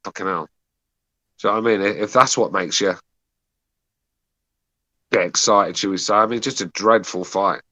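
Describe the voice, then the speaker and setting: A man's voice: fairly low pitch, normal speed, pauses often, bright, forceful tone, no room sound. A man co-hosting a call-in boxing podcast, grumbling and sarcastic in casual banter. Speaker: podcast co-host.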